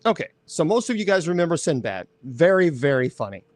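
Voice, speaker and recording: Male host, casual chat, rambling and animated, slightly high voice, dry close sound. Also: a little fast, no room sound. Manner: rambling, animated, self-correcting.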